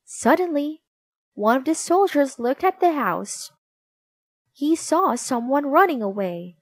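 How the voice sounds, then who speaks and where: A woman reading a children's storybook aloud in a slow, expressive way. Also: high voice, dry recording. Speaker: narrator.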